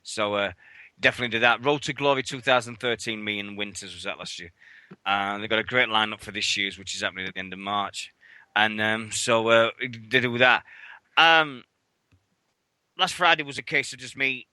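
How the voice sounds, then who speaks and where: A man's voice: lowish voice, steady tone, normal speed, sharp tone, clear, resonant tone, no echo. A man hosting a radio show, telling stories in casual, sweary chat and acting out what others said. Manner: chatty, sweary, acts out others' lines.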